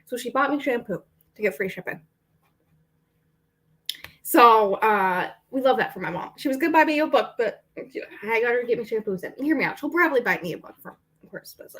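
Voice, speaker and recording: A young adult woman book vlogger rambling in casual chat, with lots of fillers. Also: fairly high pitch. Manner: rambling and chatty, with frequent fillers and laughs.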